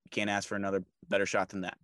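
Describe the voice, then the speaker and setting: A man's voice: lowish voice, completely flat delivery, racing, a bit bright, no room sound. A man co-hosting a sports podcast, talking casually and emphatically about college baseball. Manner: emphatic, repetitive, fired up. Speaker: podcast co-host.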